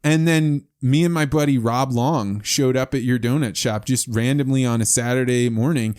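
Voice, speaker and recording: A man's voice: mid-range voice, normal speed, darkish tone, clean tone. A man hosting a podcast interview, talking in eager bursts with frequent restarts. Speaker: podcast host. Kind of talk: casual interview chat.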